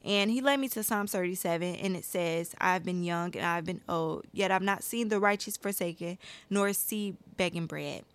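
A woman giving a personal Bible-study talk, speaking with her hands and reading verses aloud with rising emphasis. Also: lowish voice. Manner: animated, reads scripture aloud with rising emphasis; speaks with her hands and addresses viewers as y'all. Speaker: Christian video creator.

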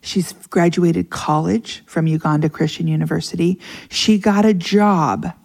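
Gravelly-voiced woman telling a heartfelt story. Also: lowish voice, unhurried. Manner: animated, emotional, acts out quoted voices. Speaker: podcast guest. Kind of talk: casual storytelling conversation.

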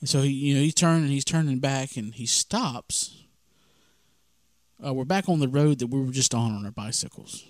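A man from Mississippi, hosting and telling a story in a lively, casual way and acting out the dialogue. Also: mid-range voice, moderate pace, dry recording, clean studio sound. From Mississippi, USA. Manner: animated, acts out the dialogue of his story. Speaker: podcast host.

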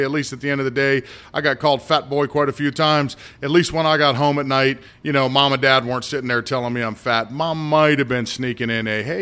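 A man's voice: medium pitch, pushed and bright, smooth. Blunt middle-aged man ranting on a podcast. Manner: blunt, ranting, talks in asides and restarts. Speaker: podcast host. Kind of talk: casual solo political podcast.

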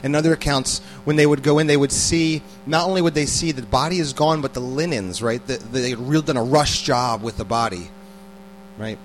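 A man's voice: mid-range voice, fairly quick, faint music behind, poor audio. Conversational man preaching casually. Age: adult parent. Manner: conversational, repeats words, asks the listeners questions. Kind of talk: casual sermon.

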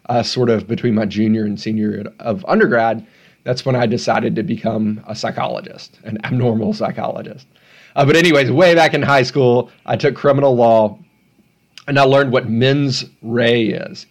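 A man hosting a solo podcast at home, talking casually with rambling, self-deprecating asides. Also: medium pitch. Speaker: podcast host.

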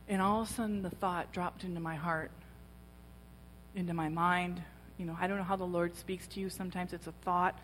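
A woman's voice: lowish voice, steady tone, brisk. Woman telling her story in a reverberant hall. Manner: personal storytelling, acting out quoted voices. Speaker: speaker at a women's church gathering. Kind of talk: sermon testimony. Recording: long reverb of a large hall.

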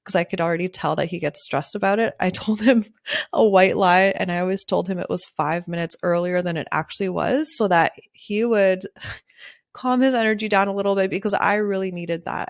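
A woman's voice: lowish voice, steady tone, normal speed, gravelly, no echo, studio quality. A woman hosting a casual solo podcast as a wedding photographer, talking candidly and chattily, laughing often and swearing freely.

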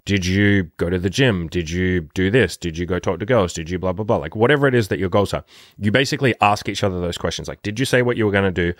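Profane, rambling low-voiced man. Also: fast talker, no echo, studio quality. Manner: blunt, profane, rambling with many fillers. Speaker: dating coach. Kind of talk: casual vlog monologue.

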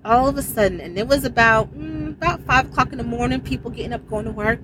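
Animated woman telling a testimony. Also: a little high, fast, noisy background. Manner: animated, emphatic storytelling with exclamations and prayer. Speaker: truck driver telling a testimony. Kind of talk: casual spoken testimony.

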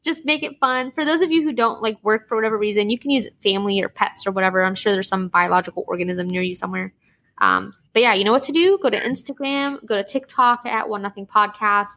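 A woman's voice: mid-range voice, fast talker. A woman hosting a podcast in casual chat, chatty and prone to laughing. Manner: chatty, giggly, animated storyteller. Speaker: podcast host.

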